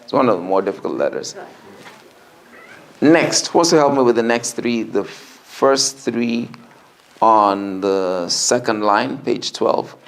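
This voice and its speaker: A man teaching a Quran reading class, drawing out letter sounds slowly and then asking the students quick questions. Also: lowish voice, expressive. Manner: slow drawn-out letter drills, quick classroom asides. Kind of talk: classroom lesson with drills.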